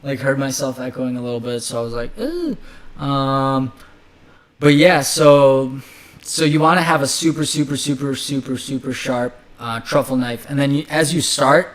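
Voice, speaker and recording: A man's voice: medium pitch, little pitch movement, normal speed. A man who is a chef, chatting loosely about cooking on a podcast with many fillers and restarts. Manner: loose, rambling, filler-heavy. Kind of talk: casual chat.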